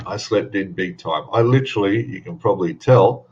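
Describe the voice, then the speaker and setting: A man hosting a casual live stream, just woken up, rambling and laughing as he greets viewers, his voice still rough from sleep. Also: deep voice, a little fast, darkish tone, muffled recording. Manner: drowsy, rambling, laughs often.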